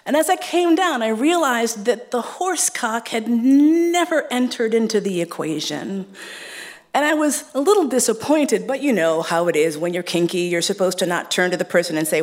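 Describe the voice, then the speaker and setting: A woman's voice: fairly high pitch, lively intonation, normal speed. A woman from New York City telling a true story on stage, frank and playful, swearing freely and laughing as she goes.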